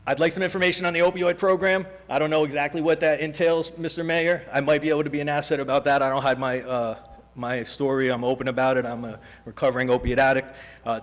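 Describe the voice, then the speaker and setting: Rambling man at a council podium. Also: medium pitch. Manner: rambling, joking, halting with many fillers. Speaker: public commenter at a council meeting. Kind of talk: public comment speech. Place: council chamber. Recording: reverberant council chamber.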